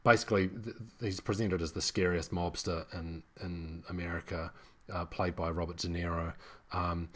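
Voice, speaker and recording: Very low-voiced man reviewing a film. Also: flat delivery, moderate pace. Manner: rambling, many restarts and fillers. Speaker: podcast co-host. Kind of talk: casual film review chat.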